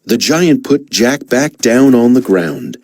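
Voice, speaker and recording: A woman narrates a children's storybook with dramatic emphasis. Her slow delivery rises and falls a lot, and her voice is breathy. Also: extremely low pitch, very animated, darkish tone, no room sound.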